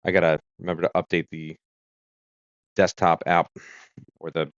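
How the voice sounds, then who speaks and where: A man from the United States hosts a casual livestream, wandering from point to point with plenty of fillers and restarts. His voice sits low. The audio is dry and a little dull, like a home streaming setup. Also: flat delivery, moderate pace, smooth, no echo. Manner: rambling, chatty, with fillers and self-corrections. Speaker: livestream host. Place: home room with a kitchen corner.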